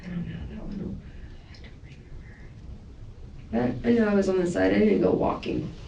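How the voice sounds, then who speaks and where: A woman's voice: mid-range voice, fairly quick, creaky, dark tone, recorded from a distance, lo-fi sound, a little hiss or hum. A woman under police questioning, talking in a rambling, defensive way as she vents. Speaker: suspect in police interview. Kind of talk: police interrogation. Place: police interview room. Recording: echoey room, voice from afar.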